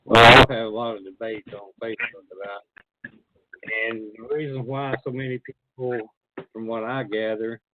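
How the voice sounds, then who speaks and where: A man's voice: medium pitch, little pitch movement, normal speed, slight background noise. A man hosting a call-in show, asking conversational, probing questions. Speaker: host. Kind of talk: casual call-in chat. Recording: tinny phone line.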